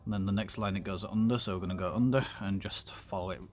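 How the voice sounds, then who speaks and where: In a fairly low voice, a streamer chats casually through a craft tutorial while working with his hands. He rambles, leans on filler ums, and drifts off into other topics. Faint room noise lies beneath his voice.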